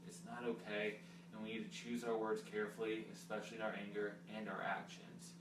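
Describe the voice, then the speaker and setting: A man's voice: fairly low pitch, completely flat delivery, brisk, roomy sound, distant mic, noisy background. A young man, a pastor, talking through a sermon in a casual, earnest, sometimes teasing way. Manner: earnest, teasing, conversational preaching.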